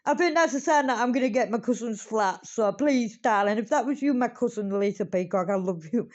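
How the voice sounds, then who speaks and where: A woman reacts on camera in a loose, dramatic way and speaks right to her viewers. Her voice sits a little high. The recording is dull and lo-fi. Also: brisk, few pauses. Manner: dramatic, talks straight to viewers, swears. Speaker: reaction video host. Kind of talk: casual reaction commentary.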